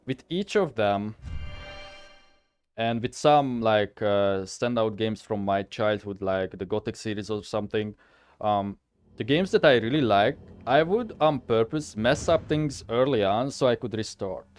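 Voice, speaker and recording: A young man streams a game and rambles through his thoughts as he plays, full of fillers and loose asides. His voice sits fairly low. Faint music plays under him. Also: unhurried, dry recording. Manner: rambling, thinking aloud with fillers. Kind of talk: casual live game commentary.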